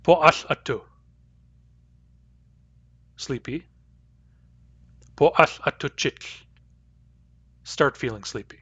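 A man teaching a language lesson, repeating each example word slowly and carefully. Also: on the high side, a bit bright, husky, dry recording. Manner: slow, careful repetition of example words.

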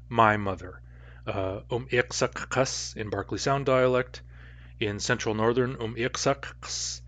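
A man teaching a language lesson to a class, patiently explaining grammar and repeating example phrases slowly. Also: on the low side, a bit bright.

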